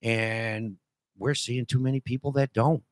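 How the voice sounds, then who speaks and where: A man's voice: medium pitch, fairly even intonation, unhurried, dry recording. A man in his fifties, born and raised in Detroit, hosting a casual opinion talk show and rambling in a folksy way with lots of "you know" and restarts. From Detroit, USA.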